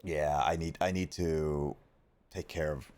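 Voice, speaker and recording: A man's voice: extremely low pitch, steady tone, measured pace, a little mellow. A man streaming a video game, chatting casually, laughing often and restarting his sentences. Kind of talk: casual gameplay chat.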